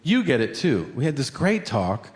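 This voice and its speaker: A man in his forties doing a stand-up routine, telling stories with shouted character voices. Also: medium pitch, huge pitch swings, moderate pace, breathy edge. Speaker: stand-up comedian. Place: theater stage with audience laughter. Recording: live hall with long reverb.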